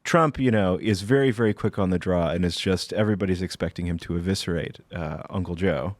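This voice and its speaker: A man's voice: deep voice, fairly quick, no echo. A male panelist in casual chat, wry and starting his points with hesitations.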